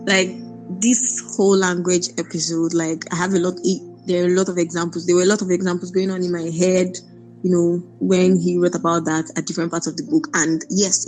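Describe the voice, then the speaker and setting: A woman reflecting in a book club discussion, measured and thoughtful. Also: fairly low pitch, flat delivery, darkish tone, faint music behind, rough recording. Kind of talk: casual discussion.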